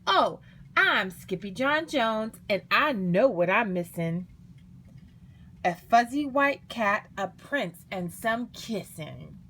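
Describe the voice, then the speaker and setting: A woman's voice: mid-range voice, lively intonation, slow, pushed and bright, full character voice. A woman voicing a playful, boastful kitten boy with a bouncy, sing-song manner. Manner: sing-song, bouncy, fake Spanish flair.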